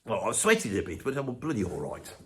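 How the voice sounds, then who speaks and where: A man's voice: fairly low pitch, huge pitch swings, fairly quick, fairly bright tone, slightly rough, full character voice. A man voicing an opinionated older Birmingham bloke in his sixties, with a Birmingham accent, ranting in a comedic monologue full of swearing and stumbling restarts. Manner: blustering rant, swears constantly, stumbles and restarts. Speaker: comedy character ranting to camera.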